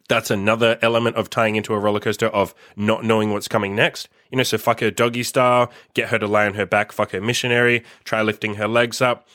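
A man's voice: fairly low pitch, fairly bright tone, no room sound, clean studio sound. A man hosting a podcast, giving blunt advice in a casual, frank monologue full of "like" fillers. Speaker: podcast host.

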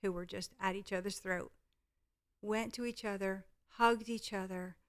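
A woman's voice: medium pitch, fairly even intonation, moderate pace. A middle-aged woman guest telling a personal parenting story in an earnest, heartfelt way. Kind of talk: storytelling in conversation.

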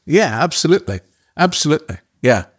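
An older man, an actor guest, telling a story casually in a halting way, with restarts and the odd casual swear. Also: on the high side, sing-song, husky.

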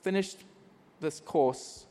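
High-voiced South African man preaching. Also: slow, in a large hall. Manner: animated storytelling with self-mocking humor. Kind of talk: personal testimony sermon. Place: church service.

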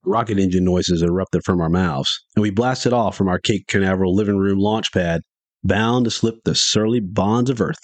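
A middle-aged man hosts a storytelling podcast in a folksy, rambling manner. His voice sits a little low. The recording is dry and close to the mic. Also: moderate pace, dry recording.

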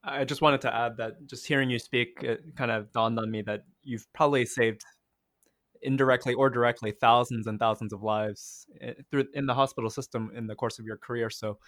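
A man's voice: medium pitch, steady tone, a little fast, a bit bright, no room sound, clean studio sound. A man co-hosting a podcast, asking questions in a friendly, appreciative way. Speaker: podcast co-host.

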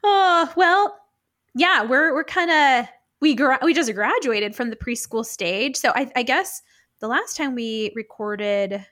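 A woman's voice: high-pitched, expressive, slow pace, fairly bright tone. A woman co-hosting a podcast, talking in a chatty, encouraging way. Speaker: podcast co-host. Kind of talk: casual chat.

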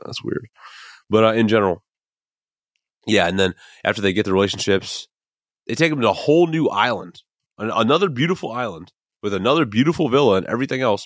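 Young midwest guy ranting casually about tv, low voice, dry close sound. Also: dry recording. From American Midwest. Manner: rambling, emphatic, profane, many fillers. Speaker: podcast host. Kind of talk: casual solo commentary.

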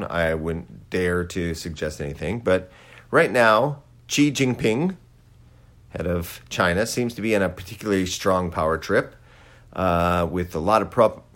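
Man, low register, very animated delivery; sarcastic commentator doing a satirical monologue with dry asides.

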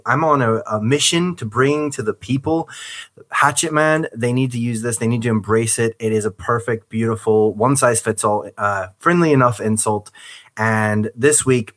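A man's voice: medium pitch, a bit bright. A man from the States with a partly Northern Irish accent, hosting a casual podcast with a chatty, joking manner and frequent laughs. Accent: American with a Northern Irish twang. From United States. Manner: chatty, laughs often, playful mock outrage. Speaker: podcast host.

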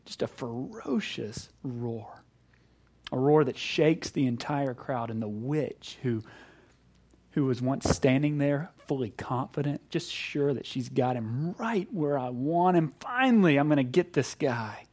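A middle-aged man preaching a sermon, animated, acting out voices and swinging between loud emphasis and hushed moments. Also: medium pitch, slow pace. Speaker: pastor.

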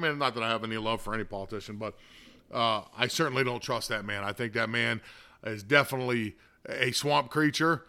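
Male podcast host, blunt and opinionated, bright forceful tone, rambling casual delivery. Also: mid-range voice. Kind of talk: casual political commentary monologue.

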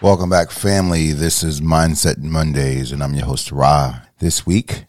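Slow, very deep-voiced male host. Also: steady tone, crowd noise, noisy background. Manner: loose and conversational, with many fillers. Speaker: podcast host. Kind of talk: podcast introduction.

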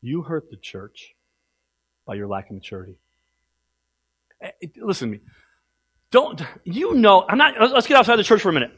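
A pastor preaches emphatically in a church, with a high, bright and forceful voice. He swings between loud exhortation and hushed asides. His delivery stays direct and driving. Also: sing-song, moderate pace, pauses often, husky. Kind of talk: sermon.

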